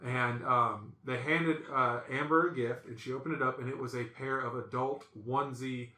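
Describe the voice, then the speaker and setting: A man hosting a podcast, telling stories in a casual, animated way and acting out the voices in them. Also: medium pitch, normal speed, roomy sound, a little hiss or hum. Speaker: podcast host. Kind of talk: casual storytelling chat.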